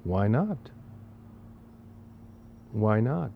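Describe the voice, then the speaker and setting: A man of middle pitch gives a spiritual talk in a casual, emphatic manner. He drives his points home with repeated phrases and rhetorical questions. The recording sounds dull and lo-fi. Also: lively intonation, unhurried, long pauses, a little mellow. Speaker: spiritual teacher.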